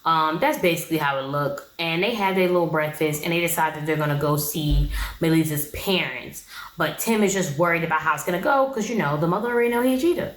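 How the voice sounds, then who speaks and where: A woman's voice: low voice, fast talker, reverberant, poor audio. A young woman giving a casual, opinionated recap of a reality show in a slangy, chatty way.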